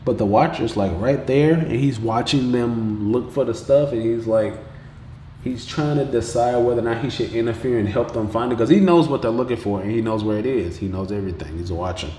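A man's voice: mid-range voice, slight background noise. Slangy man recapping in an echoey room. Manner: slangy, profane, animated retelling with quoted voices. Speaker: podcast host. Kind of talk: casual episode recap. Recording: roomy echo with faint background ambience.

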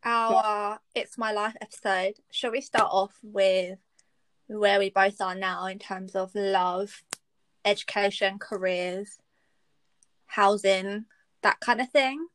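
A woman's voice: medium pitch, fairly even intonation, slow, a bit bright, no echo. A woman in her twenties co-hosting a casual podcast, playful and teasing, often breaking into laughter. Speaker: podcast co-host. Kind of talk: casual chat.

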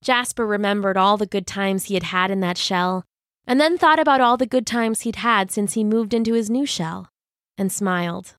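A woman narrating a children's story in a gentle, expressive way. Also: mid-range voice, normal speed.

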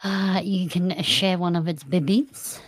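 A woman's voice: fairly low pitch, fairly even intonation, a little slow, husky, no echo. An Australian woman hosting a podcast livestream in a chatty, upbeat way, often giggling. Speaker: podcast host. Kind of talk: casual livestream chat.

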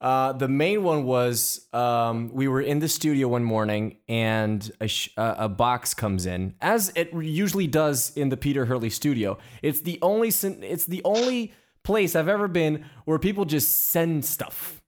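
A man hosting a casual interview and telling lively anecdotes about working as a photographer's assistant, with frequent restarts. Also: mid-range voice, unhurried, few pauses. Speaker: podcast host.

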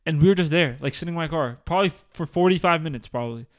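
Smooth-voiced young New man. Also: a little high, fast. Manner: frank, profane, exasperated storytelling. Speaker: podcast co-host. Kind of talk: casual chat, storytelling.

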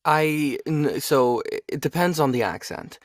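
A man's voice: on the high side, animated, unhurried, no room sound. Young male voice actor, casual and talkative, dry close sound. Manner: chatty, asks "you know what I mean?" a lot. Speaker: voice actor and audiobook narrator. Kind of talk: casual interview chat.

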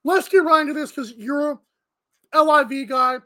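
A woman's voice: sits high, normal speed, sharp tone. A woman hosting a morning show podcast, chatting casually with a guest and laughing often.

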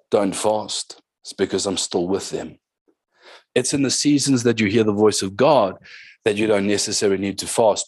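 A man's voice: medium pitch, a little mellow, no room sound. A man preaching a sermon as pastor, with emphatic calls to the congregation and short passages in tongues.

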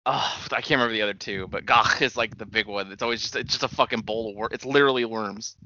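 A man's voice: lowish voice, fast talker, bright, forceful tone, muffled recording, a little hiss or hum. A man chatting casually and profanely about a TV show, chiming in with trivia in a laid-back way.

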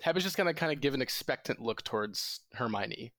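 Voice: mid-range voice, expressive, brisk, fairly bright tone. A player in a tabletop game, playful and casual.

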